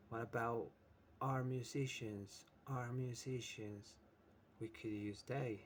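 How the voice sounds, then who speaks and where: A man's voice: mid-range voice, steady tone, slow pace, slight background noise. A man teaching an English lesson who explains with many examples and keeps checking in with "right?". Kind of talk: slow, patient English lesson.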